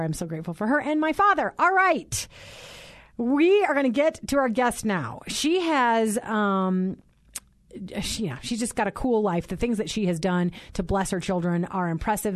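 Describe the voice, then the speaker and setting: Bubbly radio host woman, crisp dry sound. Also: medium pitch, dry recording. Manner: bubbly, chatty, laughs often. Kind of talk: Christian radio talk show. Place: radio studio.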